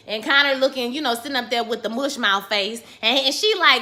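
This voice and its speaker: A woman giving a casual, sassy recap of a TV episode, full of profanity and animated storytelling as she acts out quoted lines in her own voice. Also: sits high, quick pace, few pauses. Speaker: TV recap vlogger.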